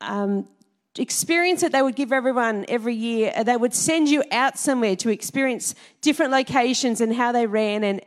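Chatty Australian woman preacher, higher voice. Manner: chatty, laughing, quizzing the audience. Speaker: Salvation Army minister. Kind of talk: church talk to a congregation.

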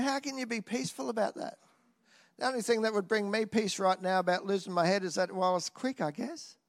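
A man preaching a sermon in an animated way, swinging from loud exclamations to quiet asides and often tossing in a "hey?". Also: sits high.

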